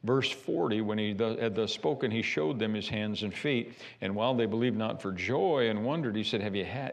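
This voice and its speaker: Gravelly-voiced preaching pastor. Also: male voice, fairly low pitch, moderate pace, few pauses, a little hiss or hum. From United States. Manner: animated preaching with repeated restarts. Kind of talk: sermon. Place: church sanctuary.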